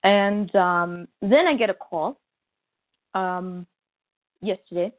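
A medium-pitched woman speaks slowly on a casual podcast she co-hosts, telling stories with lots of animation and acting out what people said. The recording has no echo but sounds tinny, like a phone line.

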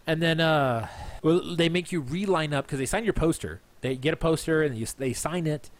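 A man's voice: on the high side, moderate pace. Tipsy man rambling through a story. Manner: rambling, repeats himself, restarts phrases. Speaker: podcast host. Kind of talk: casual storytelling monologue.

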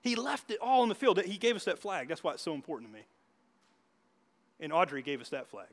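A man's voice: sits high, big pitch swings, fairly quick. A man preaching a sermon as pastor, telling stories in a church with frequent restarts and asides. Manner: storytelling with many restarts and asides. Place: church hall.

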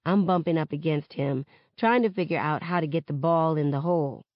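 A woman reading a novel aloud in the first person, with expressive narration. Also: deep voice, fairly quick, dry recording, dull audio. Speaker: reader of a novel. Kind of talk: audiobook-style novel reading.

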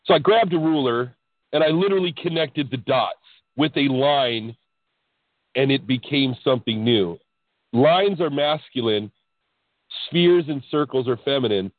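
A man as a podcast guest, recounting his spiritual awakening in an excitable, animated way. He tumbles over his words and restarts his sentences. His voice sits in a middling range and comes through a narrow, tinny line with no room sound. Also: mid-range voice, a little slow, no room sound. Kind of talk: casual storytelling about spiritual experiences.

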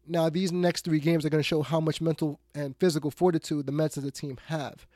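Male sports radio host, blunt and exasperated, fairly high voice, dry close mic. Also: fairly even intonation, fairly quick, dry recording. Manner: blunt, exasperated, swings between loud outbursts and muttered asides. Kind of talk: ranting sports talk monologue.

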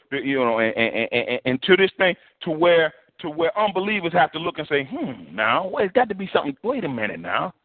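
Animated preaching man on tinny audio. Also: fairly high pitch. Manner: preachy, colloquial, animated with put-on voices. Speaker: pastor. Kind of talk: sermon. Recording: tinny phone-like broadcast audio.

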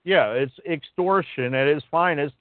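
Co-host guy ranting, mid pitch, sounds like a phone line, dry. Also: a little slow, no echo. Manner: ranting, indignant, swears. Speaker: radio show co-host. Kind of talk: casual talk radio chat.

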